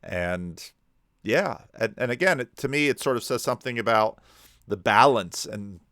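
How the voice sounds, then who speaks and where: A man with a resonant, crisp voice talks over a video he keeps pausing, circling his point with restarts and repeated words. The sound is close and dry, with no room around it. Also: medium pitch, lively intonation, fairly bright tone, dry recording. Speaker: video commentator. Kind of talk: pausing and commenting on a played video.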